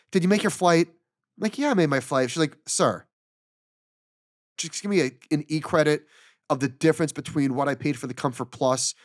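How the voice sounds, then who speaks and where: In a dry, close recording with little room around it, a middle-aged man of middling pitch tells a casual story on the podcast he co-hosts. Exasperated and animated, he quotes the dialogue and performs each side of the exchange on his own.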